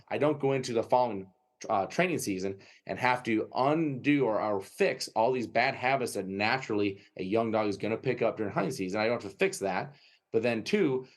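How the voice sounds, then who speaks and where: A man, a dog trainer and breeder, chatting on a podcast in a lively storytelling way, acting out dogs and owners and tagging his points with "right?". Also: medium pitch. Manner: filler-heavy, frequent "right?" tags. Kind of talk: casual podcast conversation.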